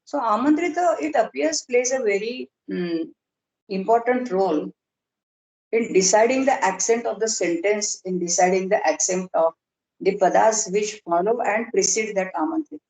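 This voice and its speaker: A woman lecturing on grammar in a workshop, explaining slowly and deliberately with pauses and fillers. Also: medium pitch, a little mellow. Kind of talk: academic lecture in an online workshop. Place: video call. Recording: roomy echo.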